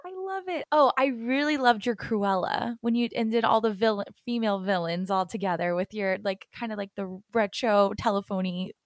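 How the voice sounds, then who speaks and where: A woman's voice: mid-range voice, normal speed, hardly any pauses, dry recording, studio quality. A woman hosting a podcast, enthusiastic and effusive, often laughing as she asks questions. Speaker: podcast host. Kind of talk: casual interview chat.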